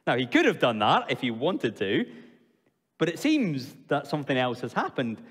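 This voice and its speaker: A man preaching a sermon in an expressive way, asking the congregation questions and dropping low and slow for emphasis. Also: slightly rough. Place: church hall. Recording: long hall reverb.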